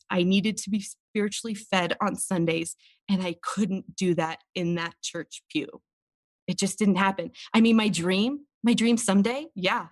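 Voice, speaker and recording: A woman's voice: mid-range voice, no room sound. A woman, an interview guest talking openly and earnestly about personal experiences. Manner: earnest and open, tearful at times. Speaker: podcast guest. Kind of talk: candid interview talk.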